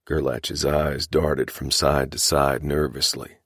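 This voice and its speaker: A man reading a western audiobook in a measured, even way. His voice is very deep and low, and the recording is dry and close with no room sound. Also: gravelly, dry recording. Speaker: audiobook narrator. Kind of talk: scripted audiobook narration.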